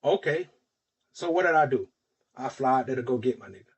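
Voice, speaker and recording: This podcast host from Florida has a medium-pitched voice with a breathy edge, animated and brisk. In casual talk he relates a heated personal story, cursing freely and acting out other people's lines.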